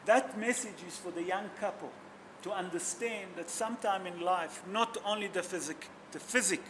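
There is background noise as a high-pitched man speaks at a moderate pace in the role of a rabbi. His sermon mixes emotional stories with questions to his listeners, delivered in simple non-native English.

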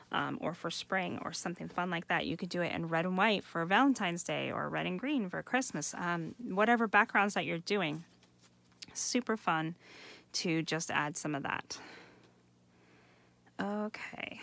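A woman's voice: on the low side, gravelly, a bit bright. A woman hosting a live craft demonstration, chatty and enthusiastic, talking to viewers as you guys. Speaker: craft host. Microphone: home setup for a live stream.

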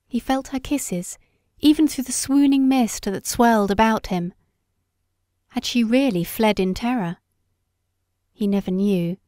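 A woman reading a story aloud as an audiobook narrator, in a measured, unhurried way. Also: fairly high pitch, mellow, dry recording, studio quality. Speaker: audiobook reader. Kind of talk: scripted narration.

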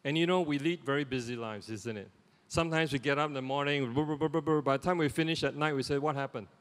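A middle-aged man with a Singaporean English accent, giving a lay sermon in a conversational, animated way with lots of "you know" asides. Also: fairly high pitch, fast. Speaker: lay preacher. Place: church sanctuary. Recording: long church reverb.

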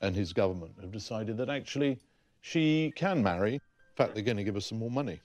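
A man's voice: lowish voice, lively intonation, a little fast, darkish tone, dry recording, faint music behind. A man explaining archive documents as a historian, reading passages aloud.

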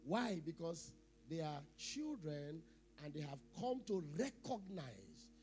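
A middle-aged pastor with a high voice preaches a sermon, throwing questions to the congregation and repeating key phrases. He swings from loud emphatic lines to quiet asides, with faint music under him. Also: very animated, takes it slowly.

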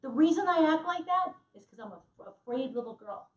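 A woman's voice: sits high, lively intonation, brisk, reverberant, far from the mic, highs cut off. A woman co-teaching a church marriage class, earnest and emphatic, acting out what couples say. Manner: earnest, emphatic, acts out quotes.

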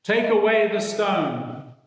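A man's voice: high voice, expressive, slow pace, pitched above the performer's own voice. A man reading out the words of Jesus as a solemn, commanding grown man, in a raised, declaiming reading voice. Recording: echoey church hall.

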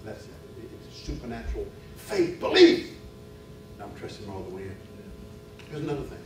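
A middle-aged man giving a sermon at a men's retreat, telling a personal story and building to loud preaching. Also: mid-range voice, huge pitch swings, brisk, noisy background. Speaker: retreat speaker. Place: church retreat hall. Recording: echoey hall, far from mic, music behind.

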